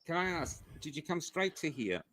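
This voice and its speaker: A man's voice: fairly high pitch, big pitch swings, moderate pace, fairly bright tone, dry recording. A man interviewing a guest in casual chat, asking questions and teasing him wryly.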